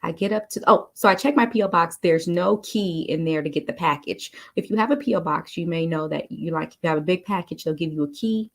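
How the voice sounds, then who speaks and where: A woman telling a story to encourage listeners, animated and chatty, often calling them "you all.". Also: fairly low pitch, fairly quick, few pauses. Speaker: motivational speaker. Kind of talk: casual motivational storytelling.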